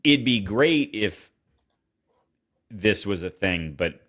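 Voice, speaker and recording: Deep bright-voiced man on a podcast. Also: lively intonation, slow. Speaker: podcast co-host. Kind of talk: casual sports chat.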